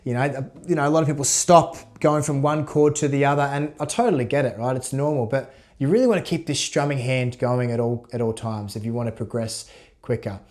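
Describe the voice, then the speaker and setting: A man giving a casual guitar lesson, relaxed, counting beats aloud as he demonstrates. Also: medium pitch, brisk. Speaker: guitar teacher. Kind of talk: casual instructional talk. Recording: loud guitar under voice. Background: guitar playing.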